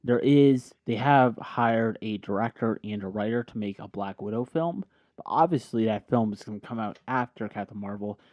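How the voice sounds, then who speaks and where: A man's voice: fairly low pitch, normal speed, no echo. A tipsy man hosting a casual podcast chat, rambling and correcting himself as he goes. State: tipsy from drinking. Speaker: podcast host. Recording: dull lo-fi sound.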